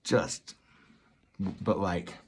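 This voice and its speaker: A man vlogging a casual movie review, rambling and excited, often repeating himself. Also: sits low, drawn-out words, breathy edge.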